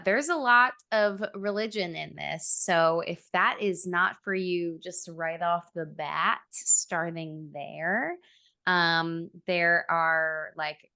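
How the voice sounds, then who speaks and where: A woman co-hosting a podcast in casual chat, relaxed and hedging as she talks. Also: on the low side, clear, resonant tone. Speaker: podcast co-host.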